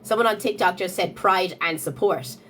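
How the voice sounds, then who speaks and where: A woman's voice: on the low side, moderate pace, fairly bright tone, a little hiss or hum. A young woman talking to her phone camera, questioning commenters insistently with repeated rhetorical questions. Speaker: content creator answering comments. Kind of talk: casual talk-to-camera rant.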